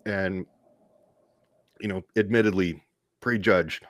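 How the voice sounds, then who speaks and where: A man's voice: sits low, moderate pace, no room sound. A man talking as a podcast guest, telling stories in a rambling, self-deprecating way with frequent restarts. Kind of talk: casual interview storytelling.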